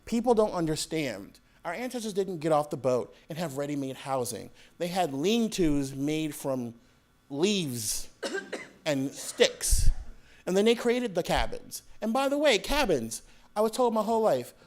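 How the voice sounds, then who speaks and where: A man giving an author talk to an audience, telling lively stories with laughter and acted-out voices. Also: on the high side, measured pace. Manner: animated, laughing, acts out voices in anecdotes. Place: public hall with audience.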